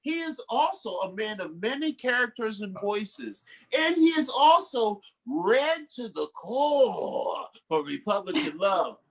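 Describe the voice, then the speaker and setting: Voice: medium pitch, very animated, slow, few pauses. A comedy show emcee with a mid-range voice hypes up the audience before the last act. They lead the crowd in call and response. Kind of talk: live show emcee introduction.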